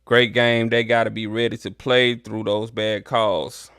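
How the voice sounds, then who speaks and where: A man's voice: lowish voice, unhurried, smooth, no room sound, studio quality. A man hosting a live sports stream, chatting casually with viewers and callers. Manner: relaxed, talks to viewers as y'all.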